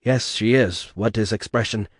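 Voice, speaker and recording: A man's voice: mid-range voice, moderate pace, darkish tone, no echo, studio quality, close to an everyday voice. A man voicing a fussy, coldly curious male doctor who speaks clinical, broken English.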